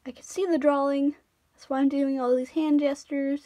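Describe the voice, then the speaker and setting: A woman's voice: high-pitched, normal speed, gravelly, dark tone. A tired young woman rambling in a cartoony voice while she draws, stammering and joking about herself. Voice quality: cartoony put-on voice. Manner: rambling, self-deprecating, stammering restarts. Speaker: drawing tutorial vlogger. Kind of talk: casual drawing commentary.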